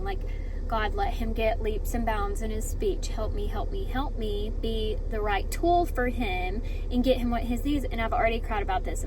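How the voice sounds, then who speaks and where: A woman's voice: a little high, background noise. A woman in her thirties, a mom vlogging in casual chat to the camera, gushing and chatty with lots of fillers.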